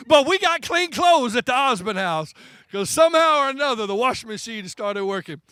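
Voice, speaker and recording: A man's voice: extremely high pitch, sing-song, moderate pace, bright, forceful tone, smooth, no room sound. A man preaching a folksy, emphatic sermon in church, repeating key phrases for stress. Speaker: pastor. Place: church sanctuary.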